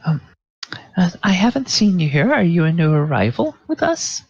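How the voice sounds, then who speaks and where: A man putting on a fawning high elf manicurist lady. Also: sing-song, moderate pace, no echo, dull audio, full character voice. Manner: sweet, fawning, breathy titter. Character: gushing, genteel elf woman manicurist.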